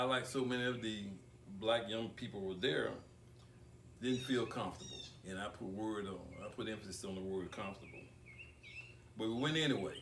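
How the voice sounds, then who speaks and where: A man's voice: lowish voice, slight background noise. Older man speaking from a podium, echoey and distant. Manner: deliberate speaker who repeats words, with long pauses. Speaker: speaker giving a tribute. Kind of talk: speech at an awards ceremony. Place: banquet hall. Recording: echoey room picked up from far off.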